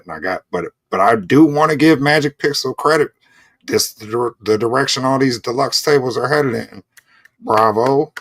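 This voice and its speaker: A man's voice: sits low, a bit bright, no room sound, studio quality. A man co-hosting a casual show, talking in a laid-back way full of "bro" and "you know". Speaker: podcast co-host. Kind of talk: casual chat.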